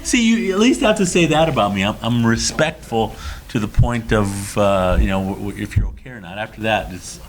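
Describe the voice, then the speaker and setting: A man's voice: on the low side, animated, a little fast, slight background noise. A middle-aged man hosting a community TV talk show, bantering casually with a dry, sarcastic wit. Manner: teasing, dry sarcastic humor.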